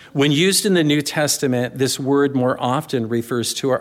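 A man pastor delivering a sermon in a conversational, storytelling way, with asides to the congregation. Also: mid-range voice.

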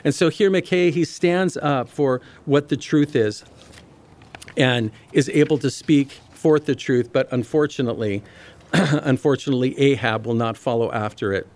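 A man's voice: medium pitch, moderate pace, a little mellow. A man preaching a Bible teaching sermon. He reads passages aloud and explains them in a conversational way, speaking directly to his listeners. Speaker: pastor.

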